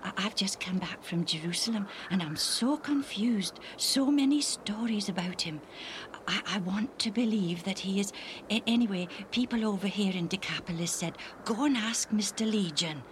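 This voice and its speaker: Woman doing a hushed, anxious male traveler. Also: mid-range voice, normal speed, slight background noise, pitched above the performer's own voice, close to an everyday voice. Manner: hushed, hesitant, stammering. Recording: music playing underneath.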